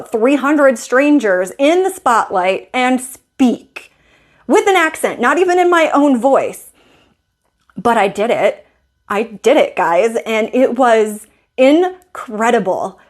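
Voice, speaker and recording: A woman style coach telling a personal story in a vlog, acting out her own inner thoughts as she goes. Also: on the high side.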